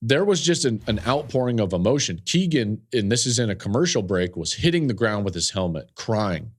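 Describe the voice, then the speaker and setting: Guy, lowish voice, podcast host telling an emotional story, lots of ums and repeats. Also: big pitch swings, a little fast. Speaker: podcast host and football analyst.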